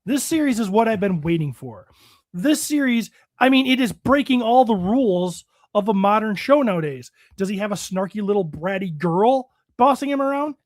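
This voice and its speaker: Man, podcast co-host, high voice, excitable, swears a lot, dry close sound. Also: normal speed, no room sound. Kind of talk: casual chat.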